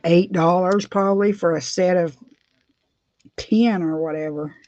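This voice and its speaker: A woman's voice: lowish voice, steady tone, unhurried, darkish tone, no echo. Rambling middle-aged woman. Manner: rambling, laughs often. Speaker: beauty vlogger. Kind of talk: casual chat while doing nails. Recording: dull dry lo-fi sound.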